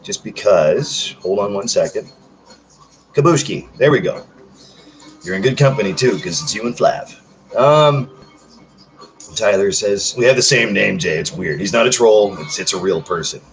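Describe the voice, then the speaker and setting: A man's voice: fairly low pitch, animated, normal speed, long pauses, soft background music, low-quality recording. A man in his thirties chatting casually on a livestream, reading out comments in a rambling, self-joking way. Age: 30s. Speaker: livestream host.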